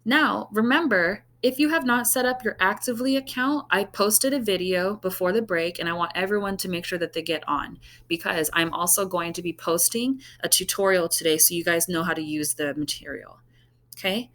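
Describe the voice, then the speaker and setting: A woman's voice: on the low side, normal speed, fairly bright tone. A woman teacher walks her class through a recorded online lesson. She is patient and goes step by step, checking in with "okay?" again and again.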